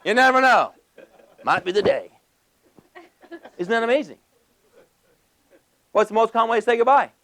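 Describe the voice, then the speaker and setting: A man giving a motivational talk to a live audience, animated, asking the crowd questions and acting out little scenes. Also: very high-pitched, moderate pace, creaky, pauses often. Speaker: motivational speaker.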